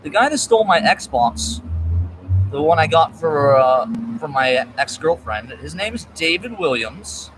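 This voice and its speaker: A man's voice: fairly high pitch, very animated, unhurried. Muttering man with road noise behind. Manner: erratic, profane, jumps between topics. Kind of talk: rambling solo monologue.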